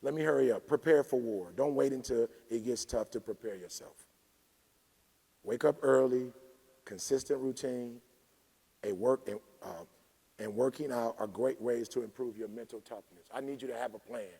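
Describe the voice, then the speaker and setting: A man giving a fiery motivational keynote at a conference, preachy and emphatic, pushing toward shouted peaks. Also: medium pitch, normal speed, vocal fry, husky. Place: large conference hall. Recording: reverberant conference hall.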